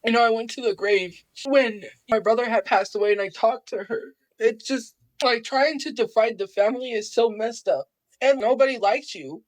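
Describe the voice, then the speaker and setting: In a livestream monologue with no room sound, an Albuquerque woman talks at normal speed in a voice on the high side. She sounds aggrieved and defensive as she goes over family matters.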